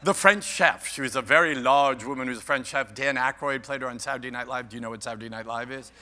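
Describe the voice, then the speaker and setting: Older man, keynote speaker, playful audience banter, very bright tone, long hall reverb. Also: medium pitch, steady tone, quick pace, slight background noise. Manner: playful, teasing the audience, self-mocking about age. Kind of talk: interactive keynote talk. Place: large conference hall.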